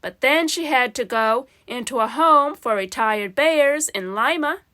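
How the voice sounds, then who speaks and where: A woman's voice: sits high, a little slow, bright, forceful tone. A woman voicing a small, polite, earnest young male bear in a storybook reading.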